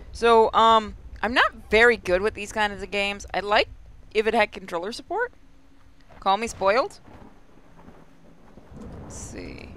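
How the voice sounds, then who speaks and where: A man's voice: sits high, sharp tone, a little hiss or hum. A man hosting a casual let's-play video, chatting and reacting aloud as he plays a game. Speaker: gaming video host.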